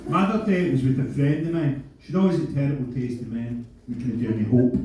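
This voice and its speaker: A Scottish man in his fifties doing a stand-up comedy set, dry and sardonic with sudden shouted punchlines. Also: mid-range voice, quick pace. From Scotland. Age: 50s. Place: large theatre stage before a laughing crowd. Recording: echoey distant theatre audio with audience noise.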